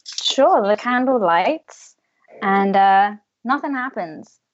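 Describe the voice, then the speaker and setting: A woman's voice: mid-range voice, animated, slow pace, muffled recording. A woman narrating a tabletop game as game master, telling the story vividly and without hurry.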